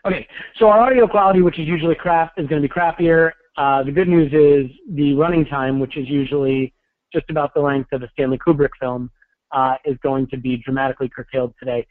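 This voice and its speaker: Man, podcast host, wry and self-deprecating, higher voice, tinny phone-line sound. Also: steady tone, brisk, no room sound. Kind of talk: casual podcast chat.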